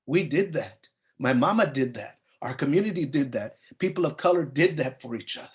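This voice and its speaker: A man's voice: medium pitch, animated, fairly quick. Earnest man telling a personal story. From US (Compton, California). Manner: earnest storytelling, acts out quoted dialogue. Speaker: psychologist and program founder. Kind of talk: personal story at a panel briefing.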